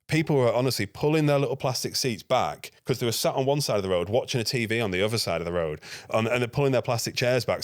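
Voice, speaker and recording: Fast-talking man, low voice. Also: dry recording, studio quality. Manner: lively anecdote-telling, acting out his own dialogue. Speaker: guest, NGO security manager. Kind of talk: casual podcast storytelling.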